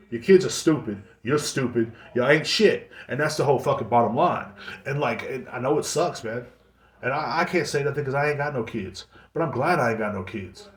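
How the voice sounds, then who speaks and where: A man rants on his podcast, heated and swearing freely. He mocks other people by putting on their voices. His voice is recorded in an echoey room. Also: mid-range voice. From United States. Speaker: podcast host. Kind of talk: profane ranting monologue.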